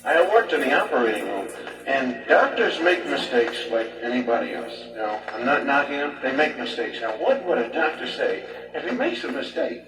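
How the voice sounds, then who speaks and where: A man telling rambling, animated stand-up stories, recorded from a distance in a roomy space. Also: medium pitch, normal speed. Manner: rambling, animated, leans on 'you know'. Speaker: stand-up comedian. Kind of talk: stand-up storytelling. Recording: echoey distant live recording with music.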